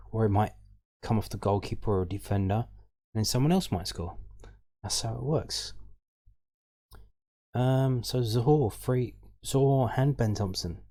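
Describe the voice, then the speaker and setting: A man's voice: fairly low pitch, dark tone. A man hosting a football fan channel, talking through match statistics in a casual, hesitant way with many ums and restarts. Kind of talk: casual stats rundown.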